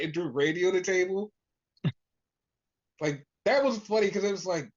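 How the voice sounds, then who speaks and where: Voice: medium pitch, a little fast, lo-fi sound. A podcast host recapping in casual chat, swearing freely and acting out quotes. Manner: profane, animated retelling with voiced quotes.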